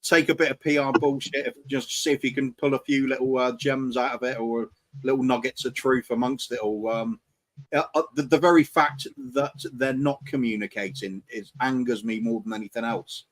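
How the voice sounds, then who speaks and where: A man's voice: medium pitch, steady tone. Hesitant man with a mid-range voice. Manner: hesitant, many fillers, measured. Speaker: panelist. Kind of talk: casual chat.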